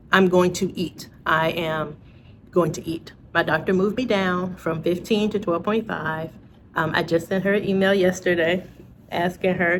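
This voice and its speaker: A woman's voice: fairly low pitch, a little hiss or hum. A woman vlogging in a casual chat to camera, talking to her viewers with frequent laughs and asides. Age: adult, parent.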